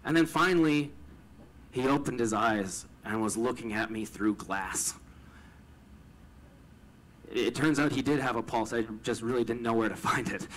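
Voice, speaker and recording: A man's voice: medium pitch, fairly even intonation, moderate pace, long pauses, a bit bright, poor audio. A man telling a personal story with a lot of stammering repetition, retelling it with emotion.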